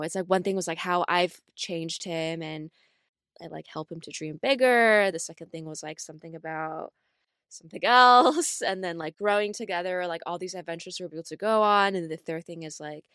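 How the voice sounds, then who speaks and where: A young woman co-hosting a podcast, telling a story in a casual, animated way with lots of filler words and laughter. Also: lowish voice, clean tone, no echo, studio quality. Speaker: podcast co-host.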